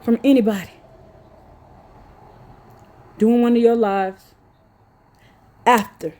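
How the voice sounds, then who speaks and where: A woman's voice: a little high, steady tone, slow pace, pauses often, dark tone. A woman preaching with fervor, scolding her listeners and reading scripture aloud. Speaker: preacher speaking to followers. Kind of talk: impassioned preaching.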